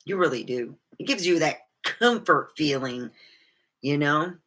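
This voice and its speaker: A woman's voice: low-pitched, expressive, a little slow, fairly bright tone. A middle-aged woman vlogging candidly about her life, rambling and swearing freely. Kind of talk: personal storytelling monologue.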